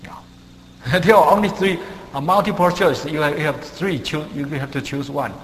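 A man preaching a sermon, halting with many fillers and non-native grammar, leaping up in pitch and volume for emphasis. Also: a bit bright. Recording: long hall reverb, faint hum.

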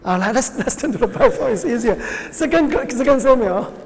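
A woman's voice: high-pitched, big pitch swings, a little mellow. Woman, first language Chinese, Bible class teacher, asks the room questions, stop-start phrasing, long hall reverb. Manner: questions the class often, halting restarts, laughs.

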